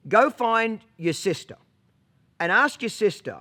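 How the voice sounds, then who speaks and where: A man's voice: sits high, expressive, a little slow, pushed and bright, pitched above the performer's own voice, full character voice. A man voicing a blunt, matter-of-fact middle-aged father telling a joke, in a slightly raised voice. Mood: deadpan.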